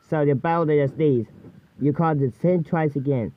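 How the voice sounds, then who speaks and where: A man rambling in a halting, jumbled way, voicing over a cartoon. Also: fairly high pitch, phone-quality sound, faint music behind. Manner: jumbled, halting speech with many restarts.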